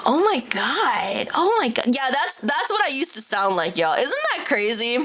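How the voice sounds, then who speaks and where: A woman's voice: fairly high pitch, very animated, moderate pace, fairly bright tone. A woman VTuber chatting casually on a livestream, swearing freely and laughing often. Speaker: VTuber streamer.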